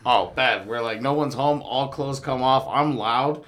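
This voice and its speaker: A man's voice: mid-range voice, measured pace, fairly bright tone. A man guesting on a podcast, talking about himself in a laid-back, self-mocking way. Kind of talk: casual banter.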